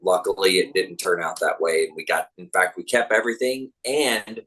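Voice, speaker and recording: Man, podcast host, very low voice, husky, easygoing chat. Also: animated, normal speed, fairly bright tone, poor audio. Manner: supportive listener, brief reactions. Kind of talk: casual interview chat.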